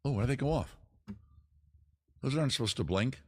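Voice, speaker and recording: A man's voice: mid-range voice, lively intonation, fairly quick, slightly rough, no room sound. A man hosting his own live stream, chatting casually to viewers with jokey, self-mocking asides. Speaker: streamer host.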